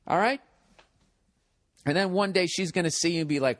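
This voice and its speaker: A man's voice: sits high, expressive, brisk, no room sound. Heated man barking profane advice. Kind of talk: angry advice rant.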